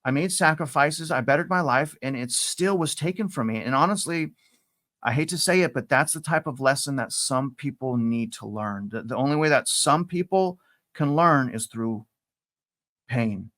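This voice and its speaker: A middle-aged man spins a casual story for a podcast, his voice sitting at an ordinary middle pitch. He repeats words as he gathers his thoughts and leaps higher when he acts out his own past lines. The sound is close and dry. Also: moderate pace, no echo. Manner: animated, repeats himself, acts out quotes with rising pitch. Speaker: podcast guest.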